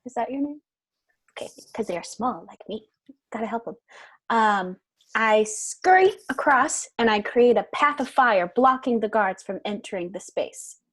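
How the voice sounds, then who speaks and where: A woman's voice: on the high side, lively intonation, moderate pace, a bit bright, slightly rough. A woman speaking as a player in a tabletop role-playing game, hesitant and musing as she decides her move.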